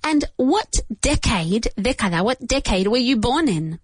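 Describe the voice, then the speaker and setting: Slow, careful woman teaching English. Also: fairly high pitch, big pitch swings, breathy edge, no echo. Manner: repeats each answer slowly, switches to Spanish to explain. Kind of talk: beginner English lesson.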